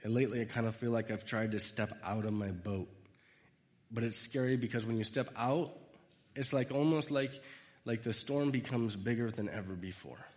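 A long reverb tail trails this American man's mid-range, darkish voice as he speaks at a normal pace. His devotional talk is an informal sermon that drifts through personal stories, with quoted lines acted out.

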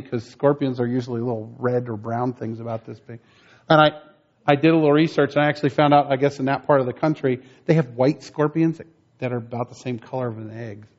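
A man's voice: medium pitch, fairly even intonation, a little fast, a little mellow, lo-fi sound. A man preaching a conversational sermon, telling stories in a folksy way and building up emphasis on his main points. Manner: folksy, storytelling, rising emphasis on key points.

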